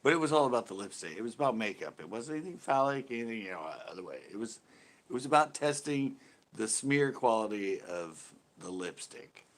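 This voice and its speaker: A man's voice: medium pitch, animated, a little fast. A man co-hosting a live stream, rambling and laughing through casual jokey chat.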